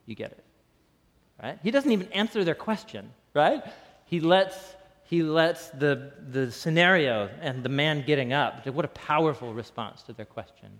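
A man delivers a conversational sermon with a slightly higher than usual voice. He talks loosely and animatedly, laughing between points, and his words ring out with a long reverb tail in a large hall. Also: moderate pace. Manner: casual, animated, laughs often. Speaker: pastor.

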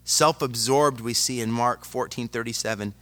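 A male preacher delivering a dramatic sermon that swings from loud to hushed and speaks straight to the congregation. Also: medium pitch, fairly even intonation, normal speed, faint music behind. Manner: addresses the congregation directly.

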